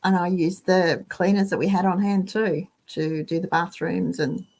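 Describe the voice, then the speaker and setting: A woman's voice: on the low side, steady tone, moderate pace, gravelly, darkish tone. An Australian woman hosting a casual chat, telling rambling everyday stories with asides to the listener. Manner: chatty, rambling storytelling with asides. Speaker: host.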